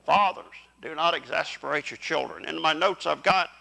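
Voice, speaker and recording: A man's voice: on the high side, moderate pace, creaky, sharp tone, rough recording. An older man preaching a sermon in church, in a folksy style, talking directly to the congregation. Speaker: pastor. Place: church sanctuary.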